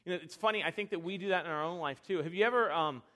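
A young man preaching a sermon, telling animated, self-deprecating stories with frequent restarts. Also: high-pitched, racing. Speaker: pastor.

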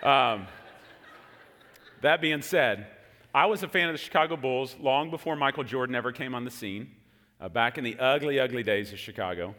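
A man's voice: medium pitch, normal speed. A man in his forties, raised in Texas, preaching a sermon and telling a story with jokes to the congregation. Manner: animated storytelling with jokes to the room. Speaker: pastor. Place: large hall with an audience. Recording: long hall reverb.

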